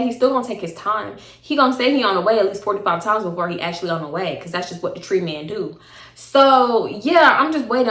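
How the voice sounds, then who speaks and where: A young woman telling a personal story to camera in a casual, slangy, animated way. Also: medium pitch, fast. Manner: animated, slangy, acts out both sides of arguments. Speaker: storytime vlogger. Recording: echoey room.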